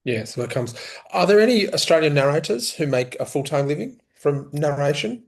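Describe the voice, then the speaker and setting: A man's voice: on the high side, expressive, brisk. Man asking casual, probing questions. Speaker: interviewer. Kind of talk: conversational interview questions.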